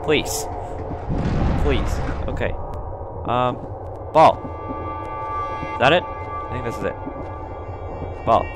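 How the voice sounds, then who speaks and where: A young man talks his way through a horror game in nervous, rambling commentary. He keeps a middling pitch and jumps into high, loud, panicked yelps when startled. Loud game music plays behind him. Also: slow, long pauses. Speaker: gaming YouTuber. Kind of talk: let's play commentary.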